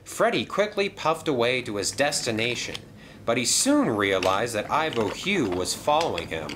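A man narrating a toy train story in a lively storytelling manner. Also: medium pitch, moderate pace, background noise.

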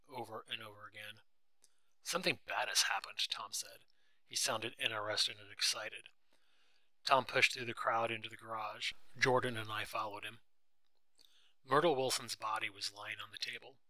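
A man reading a simplified classic novel aloud in a plain, even storybook narration, close to the mic. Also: mid-range voice, no room sound, rough recording.

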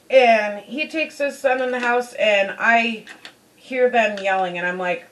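A woman's voice: a little high, slow, poor audio. A woman beauty vlogger telling a personal story in a chatty way, full of "you know"s. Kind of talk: casual storytelling.

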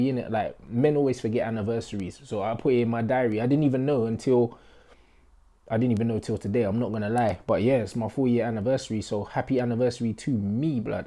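Slangy young man, mellow voice. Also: medium pitch. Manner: excitable, slang-heavy banter. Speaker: football fan vlogger. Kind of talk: casual match reaction vlog. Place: indoor room in a flat being moved out of.

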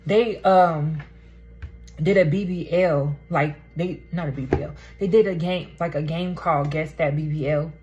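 A woman's voice: deep voice, fairly even intonation, moderate pace, a little mellow, soft background music, low-quality recording. A young woman, talking bluntly and swearing freely in a casual vlog rant at home. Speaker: vlogger. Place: indoors at home, poor lighting.

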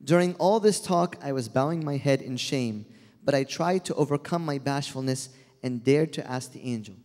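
A man's voice: on the high side, lively intonation, normal speed, a little mellow. Man reading a devotional story, reverberant. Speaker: reader. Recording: long hall reverb.

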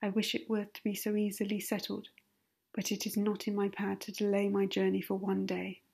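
A woman's voice: mid-range voice, monotone, fairly quick, vocal fry, darkish tone, husky. A woman voicing a reserved, grave middle-aged colonel who speaks formally and with restraint, in a whispered role-play. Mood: restrained.

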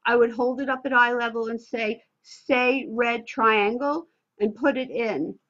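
A woman speech pathologist explaining her methods in an interview over a video call, lively and playful in her delivery. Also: fairly high pitch, brisk. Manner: lively, breaks into playful demonstration voices. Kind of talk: expert answering interview questions. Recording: slightly muffled call audio.

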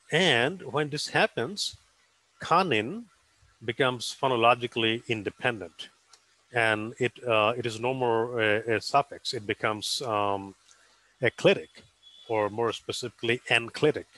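Guy giving an academic slide talk, lots of ums and uhs, middle pitch, dry sound. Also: sharp tone, no echo, low-quality recording. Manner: hesitant, frequent um and uh fillers; careful explanatory delivery. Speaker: linguistics conference presenter.

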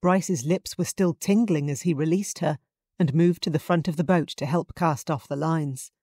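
A woman reading romance narration in a calm, even storytelling manner. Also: sits low, normal speed, husky, dry recording, clean studio sound. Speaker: audiobook narrator. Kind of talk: scripted narration.

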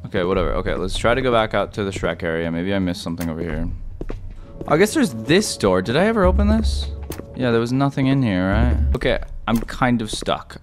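A young man playing a horror game and commenting, swinging from low mumbles to shrill yelps. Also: brisk. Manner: excitable, flips from mumbling to high-pitched yelps. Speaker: gaming YouTuber. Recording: game music behind the voice.

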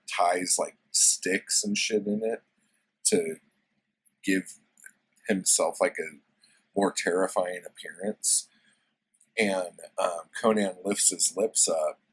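Laid-back book reviewer, low husky voice, unhurried, loose and profane. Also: male voice, rough recording. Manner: loose, profane, lots of fillers and likes. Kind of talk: casual story retelling.

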